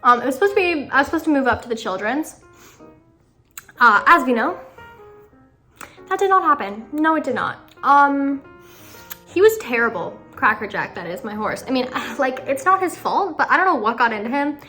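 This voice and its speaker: A teenage girl talks casually about her riding season in a slightly high voice. She is chatty and dramatic, and she mocks herself often. Faint music plays underneath. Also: very animated, normal speed, pushed and bright. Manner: chatty, dramatic, self-mocking, lots of fillers. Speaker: equestrian vlogger. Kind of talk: casual chat. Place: outdoors in snow at a horse show.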